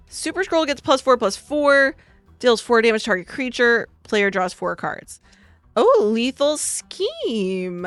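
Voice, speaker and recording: A woman with a slight cold, opening trading card packs in a bubbly vlog and reading card text aloud quickly. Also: mid-range voice, a bit bright, no echo. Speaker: card-opening content creator. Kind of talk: excited pack-opening vlog.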